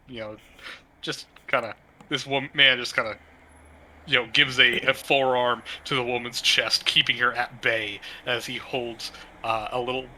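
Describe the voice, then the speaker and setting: A man narrates a tabletop game as its game master, stopping often on fillers and small restarts. His voice has a very bright, forceful edge. A faint hiss runs under the recording. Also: mid-range voice. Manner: halting, full of "uh" and "kinda".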